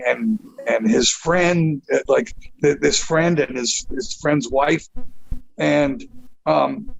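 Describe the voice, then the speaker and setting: A man, a podcast guest, telling a long anecdote in an animated, profane way. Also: a little high, vocal fry, low-quality recording. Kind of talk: storytelling in a podcast interview.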